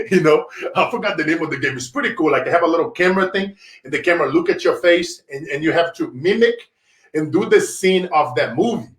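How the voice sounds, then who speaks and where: A man's voice: fairly high pitch, a bit bright. Playful joking man in an echoey room. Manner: laughs often, playful joking. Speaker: guest. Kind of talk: casual storytelling.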